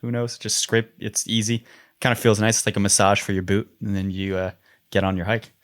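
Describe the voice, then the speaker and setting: A man hosting a podcast, chatting casually and telling stories with lively acted-out quotes. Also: on the low side, brisk. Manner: animated storytelling, acts out quotes. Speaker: podcast host.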